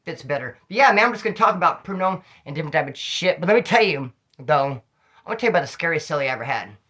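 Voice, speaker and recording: A middle-aged man telling rambling, slang-filled prison stories in a casual, animated way, a little tipsy. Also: on the high side, very fast. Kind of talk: casual storytelling to camera.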